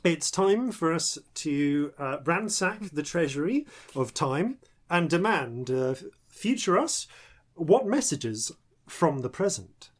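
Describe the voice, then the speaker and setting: A man's voice: on the high side, big pitch swings, takes it slowly. Playful man hosting a tabletop game. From Yorkshire, England. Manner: playful, laughing, stumbles and restarts. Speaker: host and dungeon master. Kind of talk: casual podcast banter.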